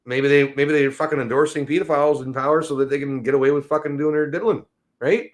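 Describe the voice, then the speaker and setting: Talking quickly with fairly even intonation, this male podcast host rants alone, rambling and swearing in an agitated, exasperated way that shifts between low mutters and high outbursts.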